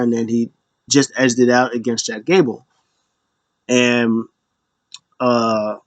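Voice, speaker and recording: A man's voice: medium pitch, a little mellow, dry recording, muffled recording. A man casually recapping wrestling events in a rambling way, acting out what people said in raised voices. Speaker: podcast host.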